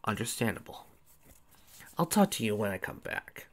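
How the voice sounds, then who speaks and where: Man doing a quiet, evasive young man. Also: on the low side, very animated, moderate pace.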